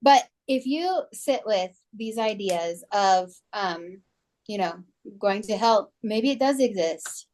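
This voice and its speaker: Woman co-host, relaxed talker who leans on "like" and "you know". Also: medium pitch, takes it slowly. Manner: chatty, many "like" and "you know" fillers. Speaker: podcast co-host. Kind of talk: casual podcast conversation.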